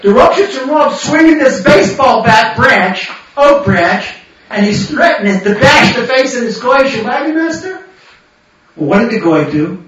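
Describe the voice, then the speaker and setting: A man teaching a Torah class, animated, telling stories and bursting into shouts. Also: high-pitched, unhurried, far from the mic. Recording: muffled echoey hall from afar.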